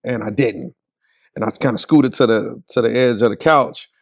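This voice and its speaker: Gravelly-voiced man telling his story. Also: mid-range voice, moderate pace, dry recording, studio quality. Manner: animated storyteller, slangy, acts out quotes. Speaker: podcast guest, cycling specialist. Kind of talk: casual storytelling interview.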